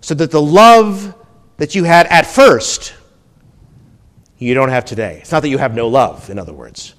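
A male pastor giving a teaching sermon, climbing much higher and louder when he reads quotations and dropping low and quiet on his asides. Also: animated, normal speed. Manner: teaching tone, rises sharply when quoting, drops low on asides. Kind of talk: expository sermon.

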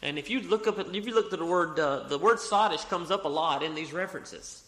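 A man's voice: on the high side, fairly quick, a bit bright. Man, pastor, sermon, repeats himself, echoey church hall. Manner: repeats phrases, reads scripture aloud, corrects himself mid-sentence. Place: church sanctuary.

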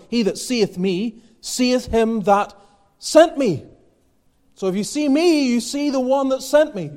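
A man preaches an earnest sermon that rises to emphatic exhortations, quoting scripture in King James wording. His voice sits high and sounds a little mellow.

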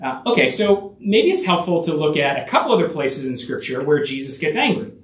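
A man preaching in a church sanctuary, his voice sitting high and swinging widely as he builds to emphatic peaks. He talks earnestly, with many fillers, restarts and rhetorical asides. The sound is roomy and echoey, picked up from some distance. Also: sing-song, brisk. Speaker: pastor. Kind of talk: sermon.

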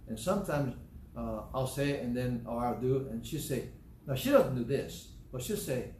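A man with a Southern American accent preaches in a relaxed, folksy manner, mixing in personal asides. His voice sits at an ordinary middle pitch. The room around him is echoey, with a faint hum of noise behind. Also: moderate pace. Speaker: pastor. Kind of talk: sermon.

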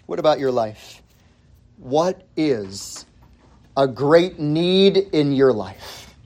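A man preaching a sermon as pastor, emphatic, repeating key words and swinging between loud and hushed delivery. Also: fairly high pitch, expressive, very slow.

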